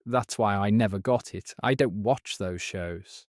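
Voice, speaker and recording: A man's voice: fairly low pitch, measured pace, no echo, clean studio sound. A man chatting confidently and teasingly as a quiz contestant on a podcast. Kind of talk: casual chat.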